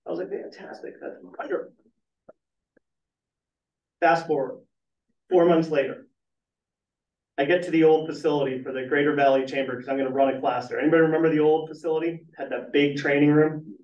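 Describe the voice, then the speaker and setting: A man's voice: a little high, fast talker. Man telling stories in an echoey room. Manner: lively storytelling, asks the room questions. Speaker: business trainer and guest speaker. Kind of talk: storytelling talk at a networking meeting. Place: meeting room. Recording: echoey, muffled room recording from far off.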